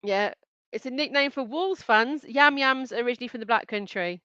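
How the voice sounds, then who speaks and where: A woman's voice: a little high, moderate pace, sharp tone, smooth, no room sound, dull audio. A woman hosting a live online quiz, reading out answer options and names in a chatty way and giggling often. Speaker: quiz host.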